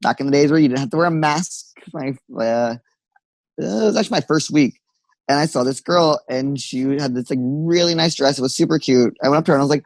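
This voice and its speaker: A man's voice: on the high side, quick pace, dry recording, low-quality recording. A young man in casual podcast chat, telling stories with sassy quoted asides and lots of swearing. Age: young adult. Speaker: podcast co-host.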